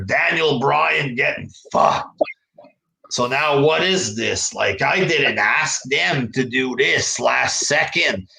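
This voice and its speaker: A man hosts a casual wrestling discussion with a gravelly, bright voice and an unhurried delivery. He sounds exasperated and profane. He keeps throwing out rhetorical questions. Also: on the high side, rough recording. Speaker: host of a wrestling review show. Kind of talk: casual podcast commentary.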